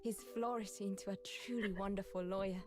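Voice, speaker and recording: A woman's voice: medium pitch, fairly even intonation, a little fast, close to an everyday voice. Susato, a woman voicing a courteous young woman. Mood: earnest. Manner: formal, courteous speech. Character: polite young Japanese woman, gentle and earnest. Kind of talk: video game voice acting. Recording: game audio over loud music.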